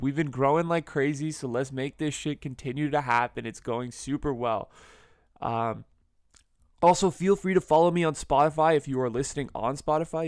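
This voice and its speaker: Young male host, smooth resonant voice, dry close sound, casual outro. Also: medium pitch, no room sound. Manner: casual, eager, direct to listeners. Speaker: podcast host. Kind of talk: solo outro to listeners.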